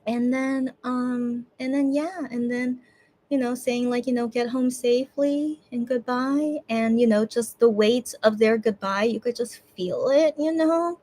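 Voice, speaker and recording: A woman's voice: on the high side, unhurried, dark tone. A woman streamer talking casually and tearfully to her viewers, rambling with many restarts and fillers. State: teary, on the verge of crying. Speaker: streamer hosting a fan watch party. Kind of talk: emotional casual chat.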